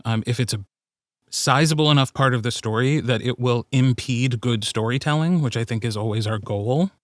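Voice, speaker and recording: A male podcast host speaks in a measured, slightly hesitant way. His voice is mid-pitched and sounds close and dry, with no room echo. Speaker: podcast host, audiobook narrator. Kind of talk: casual podcast discussion.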